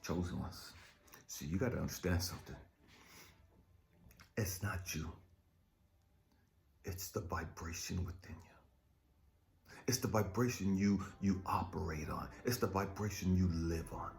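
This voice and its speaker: A man preaching an impassioned spiritual pep talk as a life coach, profane and confrontational, firing rhetorical questions and dropping from shouted rants to low muttering. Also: unhurried, creaky, pauses often. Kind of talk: impassioned motivational preaching monologue.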